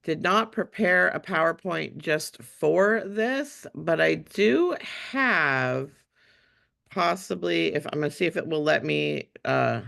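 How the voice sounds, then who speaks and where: Hoarse woman, gravelly, bright and tense, chatty with ums, video call. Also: low-pitched. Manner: chatty, self-deprecating, many ums. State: hoarse from a cold. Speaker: museum fundraiser on a panel. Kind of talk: webinar panel talk.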